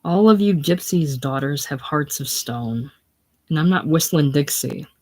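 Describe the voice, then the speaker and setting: A solo reader voicing a tough, wisecracking young drifter man in a casual play reading, slow and wry. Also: mid-range voice, expressive, darkish tone. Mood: bitter.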